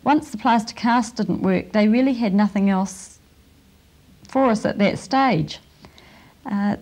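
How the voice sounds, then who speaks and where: A woman giving a testimony as a mother, earnest and halting, with emotion. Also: fairly high pitch, a little mellow.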